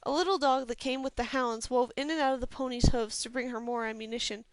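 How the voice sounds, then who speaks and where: A woman narrates a fantasy novel at a steady, even pace. Her voice sits a little high and comes through smooth and clear. The recording is close and dry. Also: fast talker, no room sound. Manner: steady, even storytelling reading. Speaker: audiobook reader.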